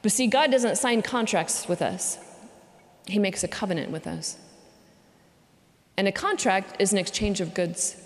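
A religious sister giving a conversational retreat talk, repeating phrases for emphasis. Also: female voice, medium pitch, animated, moderate pace. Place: cathedral. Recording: long cathedral reverb.

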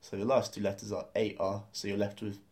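A man's voice: on the low side, flat delivery, brisk, a little mellow. A man teaching a beginner language lesson, explaining grammar step by step and spelling out words letter by letter.

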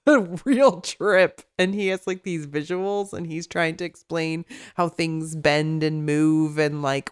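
A woman with a Chicago accent co-hosts a podcast, her smooth voice sitting low. The chat is casual and rambling, full of fillers and restarts.

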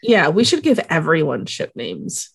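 A woman co-hosts a podcast and tells the story of an episode in a playful way. Her pitch swings widely as she talks, and she is quick to laugh. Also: huge pitch swings, vocal fry, slightly rough, dry recording, studio quality. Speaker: podcast co-host. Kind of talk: casual chat.

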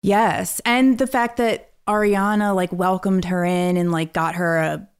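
A woman co-hosting a podcast in casual chat, gossiping excitedly and laughing often. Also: lowish voice, a little slow, clean tone. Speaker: podcast co-host.

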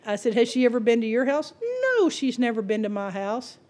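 A woman preaching a sermon, telling stories in an animated way and acting out the people she quotes. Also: fairly high pitch, brisk. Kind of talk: sermon with storytelling.

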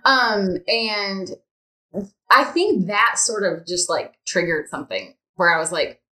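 Taking it slowly but sounding animated, a woman with a mid-range, pushed, bright voice talks as a podcast guest. She's an instructional designer chatting freely in a casual interview, full of ums and likes, and the room echoes noticeably.

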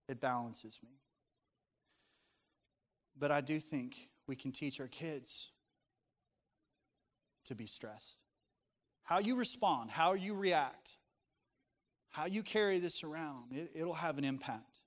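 Male pastor, middle-aged, earnest conversational sermon delivery, slightly higher voice. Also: big-room sound. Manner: earnest, conversational preaching with scripture readings.

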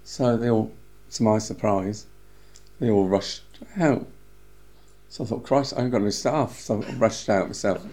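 A man's voice: lowish voice, normal speed, long pauses. An older Englishman telling chatty stories in a casual interview, his words slurred from medication. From England. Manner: lively, chatty storyteller. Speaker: interviewee, former cinema manager. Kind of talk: casual anecdotal storytelling.

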